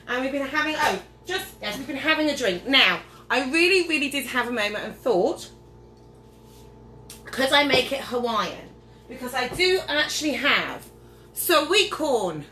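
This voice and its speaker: A slightly tipsy woman talks through a home cooking demo in a fairly high voice, rambling and often losing her place. Her voice bounces around a roomy kitchen while dishes and pans clatter loudly behind her. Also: background noise. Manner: chatty, rambling, loses her train of thought. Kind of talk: casual cooking demonstration.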